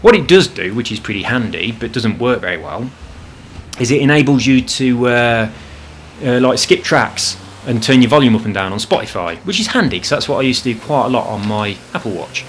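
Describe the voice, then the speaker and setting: A man's voice: mid-range voice, animated, brisk, a bit bright, slight background noise. A man chatting casually over gameplay at home, rambling and swearing freely about his frustrations. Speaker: gaming channel host. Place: home apartment.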